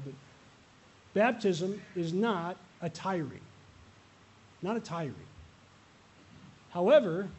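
Male pastor preaching, earnest, keeps repeating a refrain, fairly high voice. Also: a little mellow, a little hiss or hum. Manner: earnest, repeating a refrain, light asides to the congregation. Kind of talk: sermon. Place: church.

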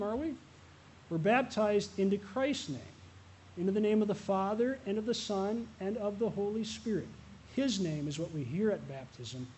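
A man's voice: high-pitched, darkish tone, a little hiss or hum. A male pastor preaching a sermon, earnest and repeating a refrain, with light asides to the congregation. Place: church.

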